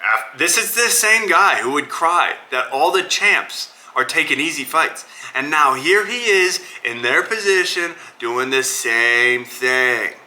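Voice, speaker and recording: A man's voice: on the high side, animated, slow pace, few pauses, pushed and bright, rough recording. A man hosting his own podcast, giving blunt, opinionated casual commentary and calling listeners brother. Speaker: podcast host. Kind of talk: casual solo commentary on fights.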